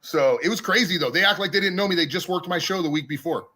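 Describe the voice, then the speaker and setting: A man's voice: high-pitched, fast, bright, forceful tone. A man telling a profane backstage story in casual podcast chat, laughing as he goes. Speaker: podcast guest.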